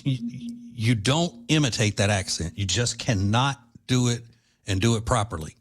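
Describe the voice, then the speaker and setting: A man's voice: on the low side, normal speed. Blunt man from Louisiana ranting. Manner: blunt, combative, rambling asides. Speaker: podcast host. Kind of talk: opinionated political commentary.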